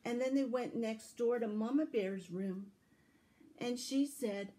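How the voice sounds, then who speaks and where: A woman with a fairly high voice reads a fairy tale aloud to children at a library and offers tips. Her storytelling is slow, expressive, and sing-song, and the recording is rough.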